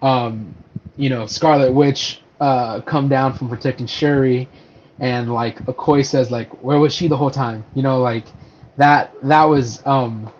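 A man's voice: mid-range voice, steady tone, measured pace, a little mellow, slight background noise. A man co-hosting a casual podcast, talking animatedly about favorite movie scenes, laughing easily and swearing casually. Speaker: podcast co-host. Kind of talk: casual podcast chat about superhero films. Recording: slightly dull lo-fi audio.

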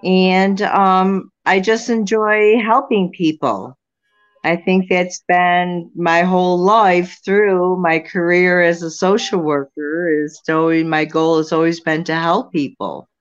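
A woman in her sixties speaks slowly and rambles a little, with many fillers and restarts. Her voice sits a little low. It comes through a dull lo-fi line. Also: steady tone, soft background music. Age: 60s. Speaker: psychic medium guest. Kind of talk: casual interview answers.

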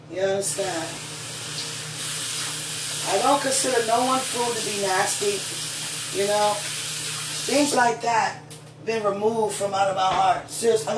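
Playful affectionate speaker, casual home chat, echoey kitchen, mic some distance away. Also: medium pitch. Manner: affectionate, playful, laughs often. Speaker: person talking to a loved one. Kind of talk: casual one-sided chat. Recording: roomy sound from a distant mic with faint background noise.

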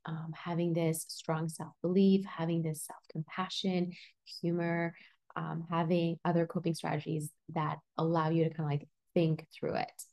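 A woman's voice: on the low side, dark tone. A young woman hosting a solo personal-growth podcast, talking in a casual, reassuring way with lots of "like" fillers. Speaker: podcast host.

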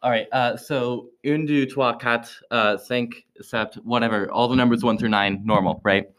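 A man's voice: medium pitch, fairly even intonation, normal speed, a bit bright. A man in a casual chat who explains things step by step, checking in with "right?" often. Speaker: co-host. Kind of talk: casual classroom podcast chat.

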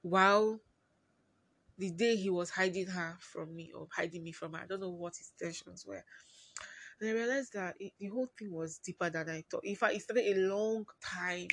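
A woman hosting her own podcast, talking through a personal story in a confiding way and often trailing off quietly. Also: on the low side, moderate pace, slight background noise. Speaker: podcast host.

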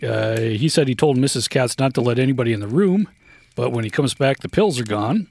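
A man co-hosting a podcast, retelling a history in a halting way with many fillers and quick yeps. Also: medium pitch, expressive, vocal fry, a little mellow. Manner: halting, full of uh and yep. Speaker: podcast co-host. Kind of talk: casual chat, retelling a history.

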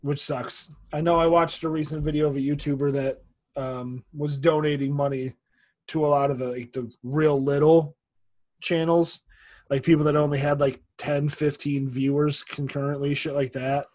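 Brief: male podcast co-host, slightly high voice, jokey and profane. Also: level tone, moderate pace, a little mellow. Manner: joking, profane banter. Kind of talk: casual chat.

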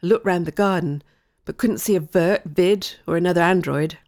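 A woman narrating a first-person story in a clear, expressive way. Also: fairly low pitch, normal speed, no room sound, studio quality.

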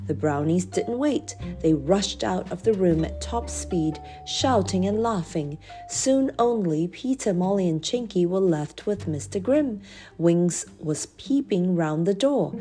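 A woman reads a children's story aloud in a gentle, expressive way. Her voice is mellow and sits a little low. Soft music plays faintly behind her. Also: a little slow. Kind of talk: children's audiobook narration.

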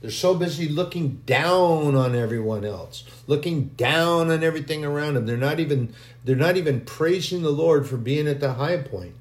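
A man's voice: fairly high pitch, moderate pace, roomy sound. A man giving an informal, conversational sermon, acting out quoted voices and repeating phrases for emphasis. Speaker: preacher.

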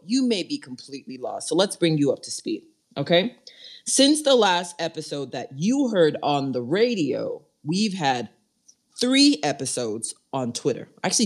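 A woman host talking in a loose, jokey way, her pitch swinging widely as she riffs. She shoots up into high squeals when something excites her. This is lively, casual banter between co-hosts. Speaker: podcast and radio show host.

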